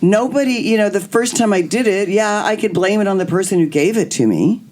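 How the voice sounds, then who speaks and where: A woman's voice: mid-range voice, brisk. Middle-aged woman telling candid stories. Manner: animated, acts out quoted voices. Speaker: podcast host. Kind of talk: candid storytelling chat.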